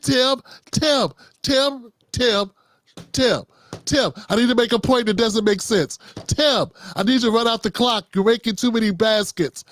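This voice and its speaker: A man's voice: very high voice, gravelly, a bit bright, no room sound, clean studio sound, heavily acted. A man doing an impression of an exasperated woman news anchor who keeps scolding a panelist by name, over and over.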